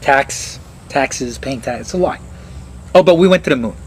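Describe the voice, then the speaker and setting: A man ranting casually and sarcastically, swearing and slipping into high mocking voices. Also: lively intonation, moderate pace, a little hiss or hum, low-quality recording.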